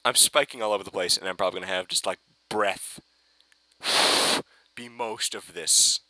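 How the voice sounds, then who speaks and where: A man ranting giddily in a fan reaction video, swearing and breaking into excited shouts. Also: low-pitched, moderate pace, no echo. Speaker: fan reviewer.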